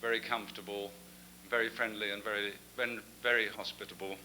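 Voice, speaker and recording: A man's voice: on the low side, flat delivery, fairly quick, heavy background noise. An older man with an English accent giving a genial, anecdotal after-dinner speech as the guest speaker.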